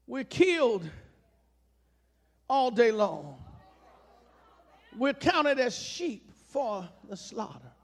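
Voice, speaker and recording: A man preaching in a very high, bright voice that cuts through. He takes his time, drawing words out slowly, and drives his points home with emphatic, rhythmic call-and-response and repeated phrases. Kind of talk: sermon.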